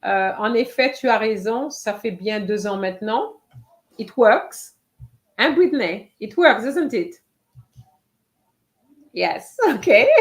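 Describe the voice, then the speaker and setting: A woman teaching a live online French writing lesson, slowly reading out students' answers and encouraging them. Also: fairly high pitch.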